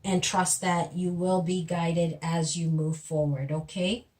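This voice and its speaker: A woman giving a tarot reading in a gentle, reassuring, unhurried way, repeating words and pausing as she goes. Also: fairly low pitch, level tone. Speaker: tarot reader. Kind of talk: slow, soothing tarot reading.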